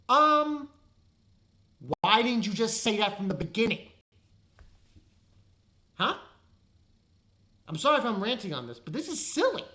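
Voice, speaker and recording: A woman's voice: on the high side, very animated, moderate pace, pauses often, a bit bright. An exasperated woman tears into an anime episode in a casual spoken review. Her voice leaps up and down as she vents, swearing freely and sounding fed up.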